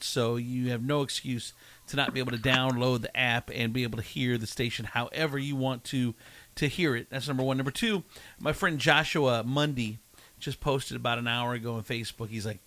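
A man's voice: medium pitch, fairly bright tone. A man hosting a radio show, chatting casually and telling rambling stories with lots of giggles. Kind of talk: casual on-air chat.

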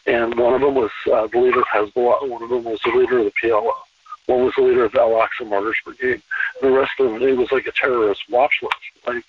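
A man talking as a podcast guest in a relaxed conversational interview, emphatic and repeating phrases to drive points home. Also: medium pitch, fast, slightly rough, no room sound. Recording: distant, tinny phone-line sound.

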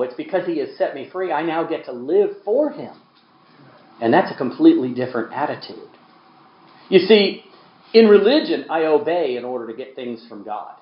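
A man preaching a sermon as pastor, emphatic, swinging from quiet asides to loud peaks. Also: mid-range voice, reverberant, dull audio.

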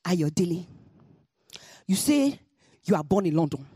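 A woman's voice: fairly low pitch, very animated, measured pace, mellow, husky, no echo, clean studio sound, heavily acted. A woman voicing a tall schoolgirl bully who mocks and bosses another child in a told story. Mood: taunting. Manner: mocking, bossy.

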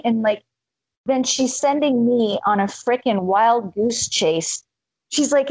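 An Arizona woman with a fairly high, slightly rough voice chats casually at a somewhat slow pace, telling animated stories full of swearing and acting out the voices of people she quotes. There's no echo, but the recording is rough.

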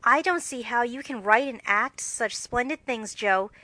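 Woman reading as a shy, gentle young girl. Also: fairly high pitch, unhurried, no echo, voice pushed up, poor audio. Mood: admiring.

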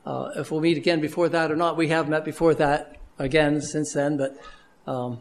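High-voiced man preaching a homespun sermon. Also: fairly even intonation, normal speed. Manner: earnest, conversational preaching with frequent restarts and fillers.

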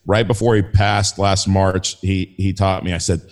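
A man's voice: low voice, flat delivery, normal speed. A man talking as a guest in a casual faith conversation, enthusiastic and rambling with frequent restarts. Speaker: podcast guest.

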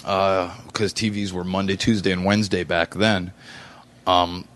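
A man's voice: low-pitched, little pitch movement, measured pace, a bit bright. A man in his forties telling a story in casual chat, rambling with fillers and restarts. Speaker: podcast guest.

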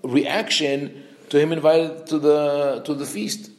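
A man giving an animated teaching talk. He often restarts and corrects himself mid-sentence, and he acts out the quotes he reads. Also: fairly high pitch, slow. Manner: frequent restarts and self-corrections. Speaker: religious teacher. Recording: roomy echo.

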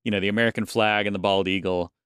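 A man co-hosting a casual podcast chat, halting often and repeating words as he thinks aloud. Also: on the low side, fairly even intonation, a bit bright, clear, resonant tone, no echo, studio quality. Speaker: podcast co-host.

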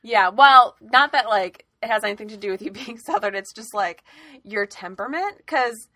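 A woman's voice: mid-range voice, normal speed, sharp tone. A woman co-hosting a podcast, chatting casually in a sarcastic way and swearing freely. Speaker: podcast co-host. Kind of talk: casual chat.

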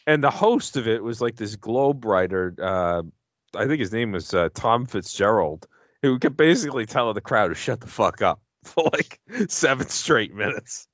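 A man's voice: lowish voice, lively intonation, normal speed, a bit bright, dry recording, muffled recording. A man co-hosting a podcast, chatting casually and laughing as he jokes about an old video. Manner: laughing, rambling, joking. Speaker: podcast co-host. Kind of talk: casual chat over a video.

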